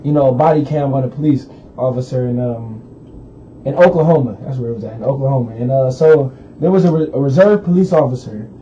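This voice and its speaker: A man's voice: mid-range voice, fast, warm tone. A man co-hosting a radio talk show, recounting a news story in loose, rambling casual chat with lots of fillers. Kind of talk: casual current-events chat. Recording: dull lo-fi radio recording, faint hiss.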